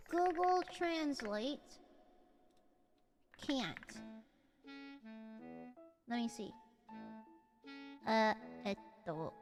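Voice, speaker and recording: A woman hosting a casual livestream and reading chat, with dramatic, shouty mock outrage and playful insults. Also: a little high, big pitch swings, very slow, pauses often. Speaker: streamer host reading chat. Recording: long reverb with music behind.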